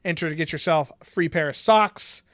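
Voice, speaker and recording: A man co-hosting a podcast in casual chat, laid-back, laughing often and filling pauses with ums. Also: a little high, a bit bright, no room sound, clean studio sound. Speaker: podcast co-host.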